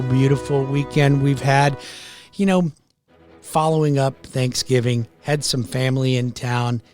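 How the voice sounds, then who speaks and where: A man's voice: mid-range voice, darkish tone. An older American man hosting a radio show, talking in an earnest, folksy way and often repeating his phrases. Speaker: radio show host and mortgage lender. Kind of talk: talk radio monologue. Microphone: studio microphone.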